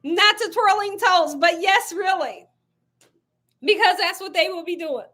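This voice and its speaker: A woman's voice: extremely high pitch, a little slow, sharp tone. A woman hosting a casual live cooking stream from home, chatting freely, laughing often and reacting to viewer comments. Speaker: cooking channel host. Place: at home, window open.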